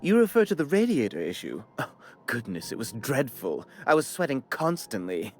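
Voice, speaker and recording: A man's voice: mid-range voice, huge pitch swings, normal speed. An actor voicing a fussy, condescending male corporate bureaucrat in a video game, with a prim, theatrical delivery. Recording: soft game music behind.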